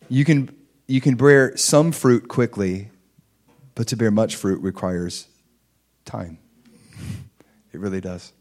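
A man's voice: fairly low pitch, a little mellow. A man preaching a sermon in a conversational way, checking in with the congregation and rising to emphatic peaks. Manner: asks the audience for agreement.

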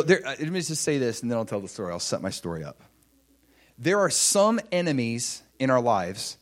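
Animated male preacher with lively pitch. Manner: animated testimony, swinging from hushed whispers to excited shouts. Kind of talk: sermon.

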